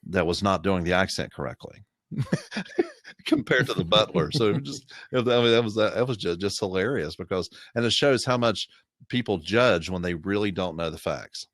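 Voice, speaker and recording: An American man co-hosting a relaxed weekly podcast, telling stories with laughs between his points. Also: deep voice, moderate pace, no echo, studio quality. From United States. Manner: animated storyteller who laughs between points. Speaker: podcast co-host. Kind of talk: casual chat.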